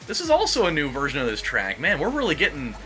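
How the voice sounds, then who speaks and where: A man casually rambling as he comments on a racing game, excitable during close moments. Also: on the high side, fast, faint music behind. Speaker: let's play host. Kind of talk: gameplay commentary.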